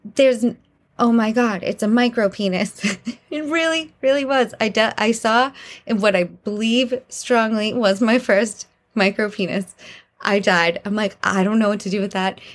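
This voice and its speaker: A young woman hosting a podcast, telling candid dating stories in a casual, animated way and laughing through them. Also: on the high side, measured pace. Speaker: podcast host. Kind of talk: casual storytelling monologue.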